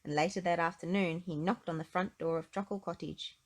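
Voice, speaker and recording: A woman reading a children's storybook aloud in an expressive, gentle way. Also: lowish voice, fairly quick. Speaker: storybook reader.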